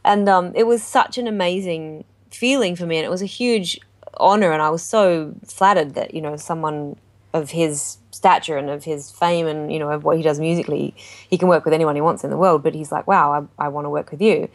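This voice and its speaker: A woman's voice: low voice, fairly quick. A woman, a jazz singer, telling a story in a casual interview and acting out what people said. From Australia. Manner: animated storytelling with acted-out quotes.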